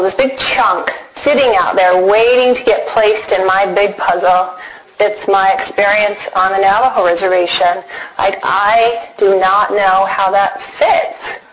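A middle-aged woman giving a personal testimony talk, animated and dramatic, acting out her own past reactions as she tells the story. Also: mid-range voice, a little hiss or hum, rough recording. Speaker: speaker sharing a personal faith story.

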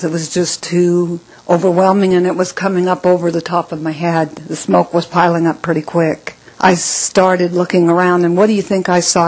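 A middle-aged woman telling her own story in an emotional personal testimony, often dropping to a soft hush. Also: lowish voice, poor audio.

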